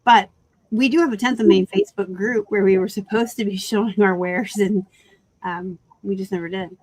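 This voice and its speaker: A woman's voice: medium pitch, steady tone, moderate pace, darkish tone, dry recording, rough recording. A woman hosting a casual live-stream chat about reselling, rambling through asides and laughing often over a video call.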